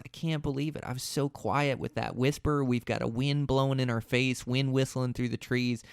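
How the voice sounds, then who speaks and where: A man hosting a solo podcast, telling a long story in a relaxed, rambling way that often restarts mid-sentence. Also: medium pitch, gravelly, dry recording, studio quality. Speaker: podcast host.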